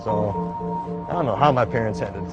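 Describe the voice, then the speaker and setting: A young man recounting a personal survival story in a casual, halting way, with many "like" fillers. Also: lowish voice, lo-fi sound. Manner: casual, halting, heavy use of "like". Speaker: survivor telling his story. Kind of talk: documentary-style personal account. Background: background music.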